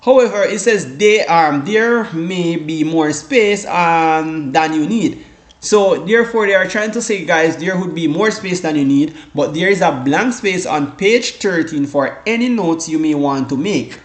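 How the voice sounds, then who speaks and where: A man's voice: fairly high pitch, animated, measured pace. A man from the Caribbean giving a casual exam-prep lesson, rambling with many restarts and fillers, often saying "guys" and "all right". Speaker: exam tutor. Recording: echoey room.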